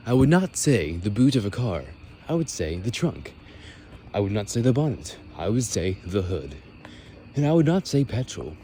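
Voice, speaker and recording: A young American man with a somewhat low voice rambles through a casual walking vlog, drifting between sarcastic asides and step-by-step explanations. He is outdoors with a phone mic, and faint traffic noise hums behind him. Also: mellow. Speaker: vlogger. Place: outdoors walking near a road.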